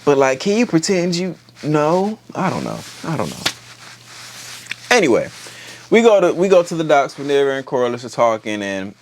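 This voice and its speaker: A man's voice: fairly high pitch, normal speed, a little hiss or hum. A man giving a casual, joking show recap, full of slang and cursing. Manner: profane, slangy, joking, animated. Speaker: TV recap host.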